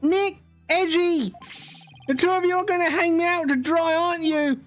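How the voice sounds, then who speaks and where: A man's voice: very high voice, steady tone, normal speed, faint music behind, voice pushed up. A man voicing a whiny, overdramatic young man, stammering and wailing as he reads game dialogue aloud. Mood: whining. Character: loud whiny young man, dramatic best friend.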